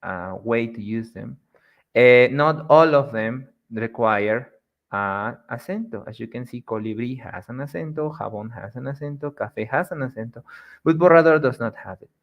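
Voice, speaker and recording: Male language teacher, mid pitch, patient, casual, repeats example words slowly. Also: expressive, lo-fi sound. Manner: frequent restarts and "eh" fillers. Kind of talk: casual video lesson.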